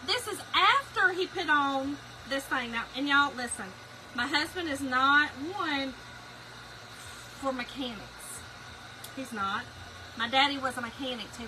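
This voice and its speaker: A middle-aged woman, hosting a craft livestream and telling stories to viewers in an animated, laughing way. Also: high voice, noisy background. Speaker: craft segment host. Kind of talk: chatty livestream storytelling.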